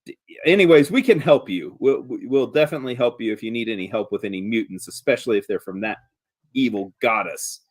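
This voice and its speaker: A man's voice: medium pitch, a little fast, dry recording, close to an everyday voice. A man doing a boastful adventurer. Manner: boastful, brash. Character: boastful male adventurer who embellishes.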